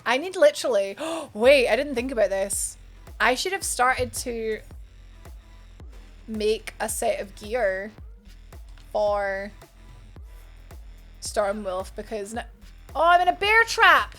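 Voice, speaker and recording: A woman's voice: a little high, slow, pauses often, faint music behind. A woman streaming a video game, chatting with viewers and thinking aloud as she plays, often laughing and gasping. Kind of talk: live gameplay commentary chatting with viewers.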